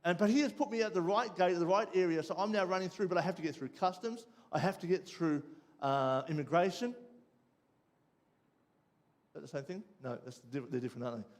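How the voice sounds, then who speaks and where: An Australian man preaching, telling a personal story with lively ups and downs before dropping quiet and low for the lesson. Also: a little fast. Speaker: pastor. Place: church.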